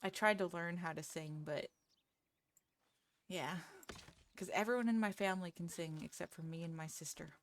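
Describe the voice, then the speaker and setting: A woman's voice: on the low side, moderate pace, long pauses. A woman streamer chatting casually with her viewers, self-deprecating and laughing often. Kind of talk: casual live-stream chat.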